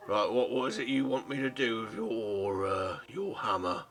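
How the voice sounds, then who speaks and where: Guy doing a gruff goliath blacksmith, low voice, blunt and no-nonsense, dnd game. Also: lively intonation, normal speed, fairly bright tone, slight background noise. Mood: businesslike. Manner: blunt, plain-spoken tradesman.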